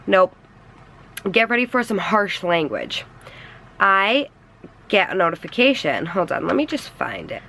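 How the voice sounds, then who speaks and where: A young woman with a bright, forceful voice retells a quarrel to her camera. She is animated, sarcastic and exasperated, with her pitch sitting in an ordinary middle range for a woman. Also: measured pace, vocal fry, pauses often, slight background noise. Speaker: vlogger. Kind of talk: casual storytelling to camera.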